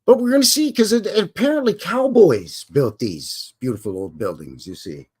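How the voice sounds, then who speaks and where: Male streamer, casual and jokey, animated lilt, uses folksy cowboy greetings. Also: fairly high pitch. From Canada. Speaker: livestream host. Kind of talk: casual live-stream chat.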